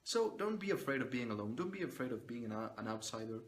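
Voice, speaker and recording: A man's voice: medium pitch, sing-song, fast talker. A man giving a blunt, profane motivational monologue to his own camera, swearing freely and pushing his viewers to stand on their own. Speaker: motivational vlogger. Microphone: phone or camera he is recording himself on.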